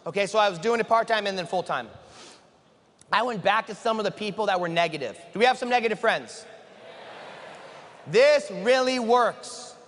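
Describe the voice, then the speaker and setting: A man giving an energetic motivational talk to an audience, asking the room questions and acting out conversations. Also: high voice, moderate pace, pauses often. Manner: energetic, asks the room questions, acts out dialogue. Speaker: motivational speaker. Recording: long hall reverb.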